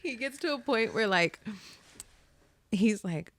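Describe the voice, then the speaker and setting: A woman's voice: lowish voice, big pitch swings, measured pace, long pauses, a bit bright, no room sound. A young woman chatting casually as a podcast co-host, laughing often and acting out what her family says. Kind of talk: casual chat.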